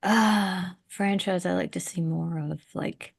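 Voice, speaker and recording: A woman guesting on a film podcast, talking in an animated way and acting out quotes. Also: on the low side, slow, creaky. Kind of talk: casual panel chat.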